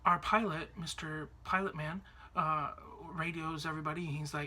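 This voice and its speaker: A man's voice: a little high, steady tone, quick pace, pushed and bright, slightly rough. A man from Canada, chatting to camera about a trip in a rambling way, full of fillers and restarts. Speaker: vlogger. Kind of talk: casual storytelling to camera.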